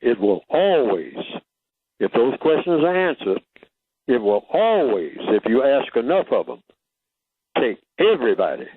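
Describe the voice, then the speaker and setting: A man's voice: mid-range voice, very animated, a little slow, husky, dry recording. A man talking as a radio interview guest, emphatic and teacherly, asking rhetorical questions as he explains his points. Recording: tinny phone-line radio audio, dry.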